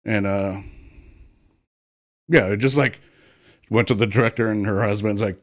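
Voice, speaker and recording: A man's voice: on the low side, normal speed, long pauses. A man who once worked on film crews, chatting casually and telling long, profane stories. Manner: swearing, rambling storyteller. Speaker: former film crew worker. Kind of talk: casual podcast chat.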